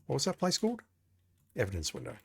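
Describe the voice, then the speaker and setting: A man's voice: mid-range voice, huge pitch swings, fast talker, creaky, slightly rough. A man playing an old adventure game, reading its text aloud and adding wry, joking asides. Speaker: game commentator.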